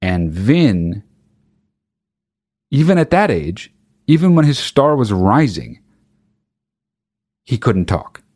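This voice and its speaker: Man, podcast host, sarcastic rant, swearing, lively swings in pitch, low voice. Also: slow pace, long pauses. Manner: profane, sarcastic, rambling. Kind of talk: comedic rant.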